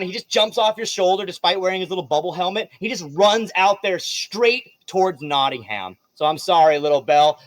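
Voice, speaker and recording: A man's voice: high-pitched, dry recording. Man running a dice game, dry sound. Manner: playful, laughing, swearing casually. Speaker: game master. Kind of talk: narrating a tabletop game.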